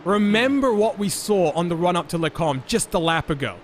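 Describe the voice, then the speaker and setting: A man with a notably high voice calls a live esports race, running fast and energetic play-by-play. A faint hum of background noise sits under his commentary, and he keeps throwing to his co-hosts.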